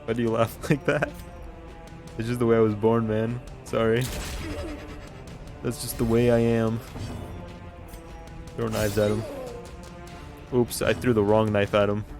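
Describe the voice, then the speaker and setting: A man's voice: lowish voice, level tone, unhurried, pauses often, music in the background. Jokey man streaming a game. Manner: joking and rambling, laughing often. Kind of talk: casual gameplay commentary.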